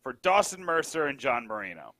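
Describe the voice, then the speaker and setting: A man's voice: medium pitch, a little fast. A man who edits a sports site, chatting casually as a guest on a podcast, joking and drifting into asides. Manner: animated, jokey, trails off into asides.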